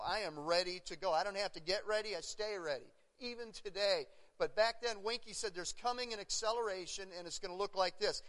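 A middle-aged man with a fairly high voice preaches in earnest to his congregation. He leans on repetition and sharp emphasis. His words ring with the long reverb of a church sanctuary. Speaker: pastor. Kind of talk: sermon.

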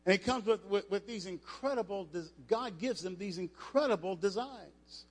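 Older male preacher, emphatic, fairly high voice, long hall reverb. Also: normal speed. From United States. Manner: emphatic, rising to loud passages, with restarts. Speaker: preacher, former football player. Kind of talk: sermon. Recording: echoey hall.

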